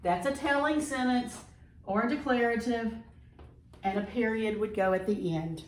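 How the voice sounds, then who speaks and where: Woman teacher, patient, careful reading aloud, echoey room, distant mic. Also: fairly high pitch. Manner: slow, patient, reads sentences aloud carefully. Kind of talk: recorded classroom lesson.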